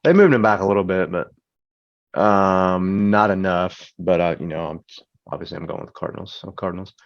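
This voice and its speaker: A very low-voiced man co-hosting a casual sports chat who boasts and trash-talks playfully. The recording is dry and muffled, like a lo-fi podcast mic. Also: fairly quick, dry recording. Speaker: podcast co-host.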